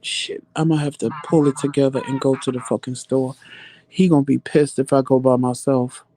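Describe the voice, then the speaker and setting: A man hosting a casual live chat, answering viewer comments with animated, profane storytelling. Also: medium pitch, moderate pace. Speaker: livestream chat host.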